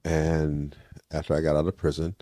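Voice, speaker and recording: An older man from California, a guest in an interview, casually telling a story in a lively way and acting out the dialogue he quotes. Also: extremely low pitch, moderate pace, no echo, clean studio sound.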